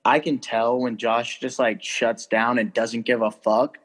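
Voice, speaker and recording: A man's voice: medium pitch, little pitch movement, a little slow. A young man telling a story in a casual chat, loose and rambling, full of fillers and swearing.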